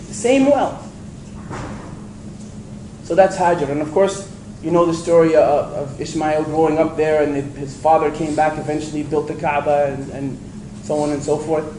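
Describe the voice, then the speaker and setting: A man giving a storytelling religious lecture to an audience, animated and acting out the voices he quotes. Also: fairly high pitch, moderate pace. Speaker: preacher. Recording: echoey hall with faint ambient noise.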